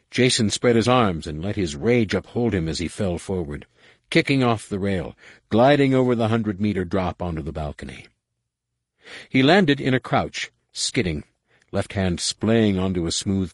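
A man reading a dramatic novel aloud in a measured storytelling manner. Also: fairly low pitch, no echo. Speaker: audiobook narrator. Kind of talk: scripted narration.

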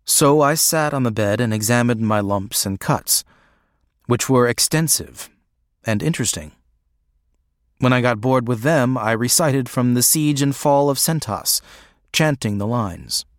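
Man, audiobook narration, measured and even, very unhurried, dry close sound. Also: mid-range voice, dry recording.

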